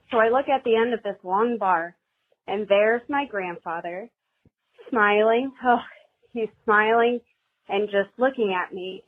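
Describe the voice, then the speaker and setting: A woman caller leaving a rambling, nervous voicemail on a podcast hotline, telling a personal story. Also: medium pitch. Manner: rambling, nervous, self-deprecating. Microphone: phone. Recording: tinny phone line.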